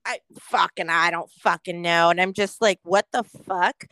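On a casual, profane podcast, a co-host from California rants and curses heavily while quoting her own reactions. She speaks unhurriedly at a fairly low pitch with fairly even intonation and a fairly bright tone, recorded dry.

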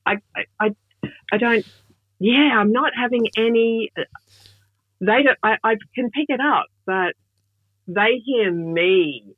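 Lively woman comedian on a phone-like line. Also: fairly high pitch, slow, pauses often, dry recording. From Australia. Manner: lively, bursts into laughs and voices others. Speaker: comedian guest. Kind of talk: casual interview chat. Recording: dry, phone-like remote line.

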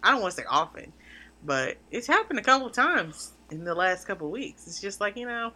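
A woman's voice: medium pitch, big pitch swings, fairly quick, bright, forceful tone. A tired woman co-hosting a podcast, easygoing and slangy in casual chat. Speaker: podcast co-host.

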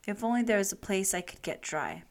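A woman's voice: mid-range voice, a little fast, natural voice. A woman voicing a lonely young male duckling in a storybook reading, meek and plaintive. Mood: sad.

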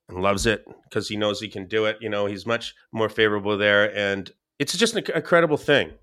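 A man, a podcast guest, telling stories in a casual, animated way, with many restarts. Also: fairly low pitch, smooth. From Scottish and English family. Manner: animated, quotes people in raised voices, many restarts. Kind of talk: casual storytelling.

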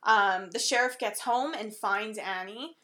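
A woman's voice: medium pitch, unhurried, a bit bright. A woman in casual conversation, chatting and laughing as she recaps a horror film scene by scene. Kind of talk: casual movie recap chat.

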